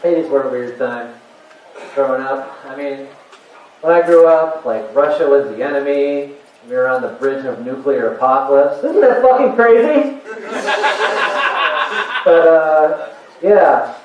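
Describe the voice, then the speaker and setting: A man's voice: mid-range voice, unhurried, long pauses, a little hiss or hum. A man of about forty doing a chatty, rambling stand-up comedy set on a convention stage. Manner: chatty, rambling and animated, with frequent fillers and self-laughs. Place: convention stage with a live audience. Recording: very echoey, distant, muffled hall recording.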